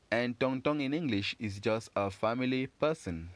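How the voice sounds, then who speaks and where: A man giving a patient pronunciation lesson, slowly repeating words and encouraging learners. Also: mid-range voice, dry recording. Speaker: French teacher.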